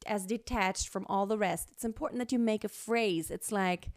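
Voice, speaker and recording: A woman singing teacher explaining a song in a relaxed, chatty way, full of fillers and restarts. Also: mid-range voice, normal speed, no echo, studio quality. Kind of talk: vocal lesson with sung demonstrations.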